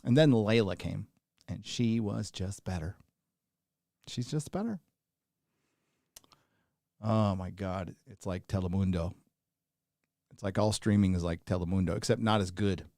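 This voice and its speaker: A man's voice: low-pitched, a little slow, long pauses, mellow, no echo, studio quality. A tired man hosting a livestream, chatting casually and rambling as he reads out viewer names. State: tired, running on little sleep. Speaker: livestream host.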